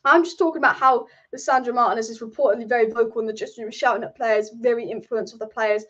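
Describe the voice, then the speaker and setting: A woman hosts a casual football livestream from her room, speaking fast in a slightly high, steady, somewhat bright voice, with the highs cut off in the audio. She is blunt, swears freely, and repeats herself.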